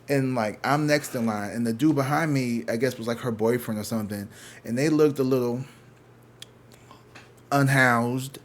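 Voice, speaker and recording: A man with a St. Louis accent telling a swearing-heavy story, casual and animated, acting out what other people said. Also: medium pitch, normal speed, a little hiss or hum. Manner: profane, animated, acts out other people's lines. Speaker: tarot reader telling a story.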